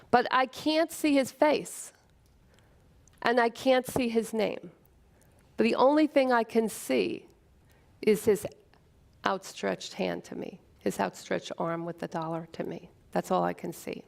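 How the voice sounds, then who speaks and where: A woman with a gravelly, creaky voice tells a personal story on stage. She is earnest and emotional, slowing into dramatic pauses. Her pitch sits in a middle range. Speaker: speaker at a short talk event.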